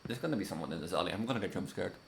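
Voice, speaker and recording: A man's voice: sits low, animated, racing, gravelly, slight background noise. A man playing a horror game, nervously muttering about jump scares while he commentates. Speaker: gamer.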